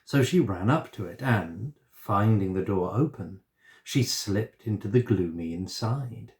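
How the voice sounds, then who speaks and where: A male storyteller reading a children's story aloud, unhurried and expressive. His voice sits low and gentle, and he takes his time over each line.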